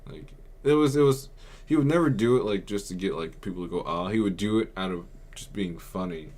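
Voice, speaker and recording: Brisk and fairly low-pitched, with a darkish tone, a young man hosting a podcast shares a personal anecdote. His delivery is subdued and meandering, packed with fillers.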